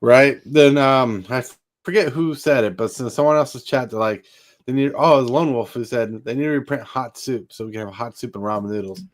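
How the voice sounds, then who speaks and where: A man hosting a relaxed chat stream, with a voice of middling pitch. He rambles through his points, leans on fillers, and laughs often. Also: fairly quick. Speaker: podcast host. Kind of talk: casual chat.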